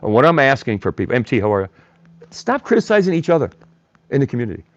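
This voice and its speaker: Very animated and fast, this man's mid-range voice comes through lo-fi with no room sound. As host of a live stream, he responds to chat comments in a blunt, combative way and ridicules chatters by name.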